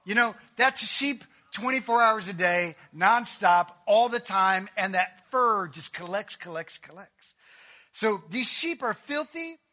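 A man preaching a sermon in a high, bright voice. He talks conversationally, with quick asides and fillers. He pushes some lines out loud and emphatic and drops others to a near-whisper. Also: lively intonation. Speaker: pastor.

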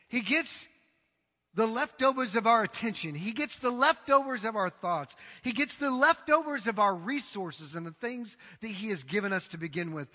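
High, bright-voiced preacher in a hall. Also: male voice, lively intonation, normal speed. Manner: emphatic, dramatic preaching with acted-out quotes. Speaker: pastor. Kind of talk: sermon. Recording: reverberant hall.

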